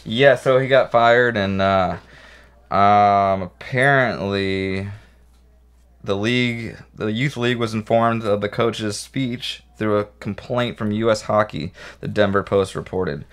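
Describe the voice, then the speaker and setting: A man co-hosting a podcast, joking and swearing as he reads news stories aloud haltingly. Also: lowish voice, fairly even intonation, fairly bright tone, clear, resonant tone. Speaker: podcast co-host. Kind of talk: casual podcast chat.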